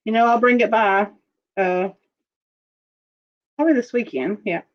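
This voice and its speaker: Slow-talking woman running a live jewelry auction. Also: fairly high pitch, highs cut off. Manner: slow, chatty, describing pieces while reading viewer bids. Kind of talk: casual live auction chat.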